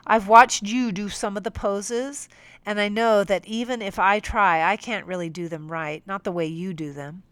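A man's voice: high-pitched, steady tone, normal speed, clear, resonant tone, no echo. A woman doing a blustering stubborn male captain. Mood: curious. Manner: blustering, loud exclamations. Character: stubborn irritable male captain, quick to anger.

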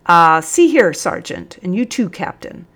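Lady doing a big blustery guy, stammers then argues loud, storybook. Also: lowish voice, big pitch swings, unhurried, heavily acted. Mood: defiant. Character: blustering burly man caring for boys.

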